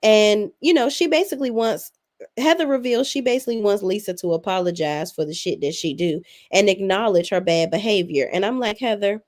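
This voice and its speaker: A woman's voice: medium pitch, brisk, darkish tone. A young adult woman hosting a casual recap, blunt, sassy and full of swearing. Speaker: reality TV recap host.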